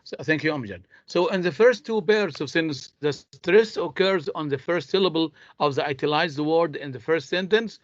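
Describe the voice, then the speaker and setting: A man's voice: fairly high pitch, no echo. A man teaching English in an online class. He speaks, his tongue is Arabic, and he explains patiently, step by step. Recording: dull lo-fi online call audio.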